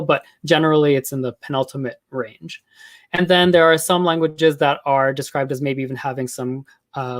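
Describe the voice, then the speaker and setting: A man giving an academic linguistics talk, explaining in a casual way with many filler words and small restarts. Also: fairly high pitch. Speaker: linguistics lecturer.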